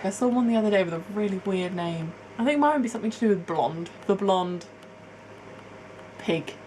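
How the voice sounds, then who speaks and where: A woman's voice: mid-range voice, expressive, fairly quick, a little mellow, a little hiss or hum, rough recording. A young woman from England chatting to camera as a vlogger, rambling and laughing at herself. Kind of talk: casual chat to camera, answering a tag.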